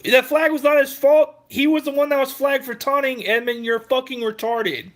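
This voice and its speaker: Guy with a high voice ranting about football, cussing, combative. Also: fairly even intonation, normal speed. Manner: heated, combative, profane, addressing commenters. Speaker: sports rant host. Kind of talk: profane sports rant.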